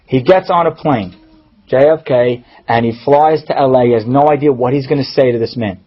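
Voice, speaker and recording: A male rabbi telling a moving story in a sermon, dramatic, and dropping soft and low at the tense moments. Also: a little fast, slightly rough. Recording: dull lo-fi recording.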